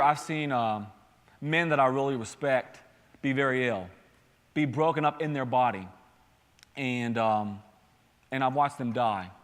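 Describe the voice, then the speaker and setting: A man, a campus pastor, preaching a sermon in an earnest, conversational way with many restarts. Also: mid-range voice. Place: church sanctuary. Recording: long hall reverb.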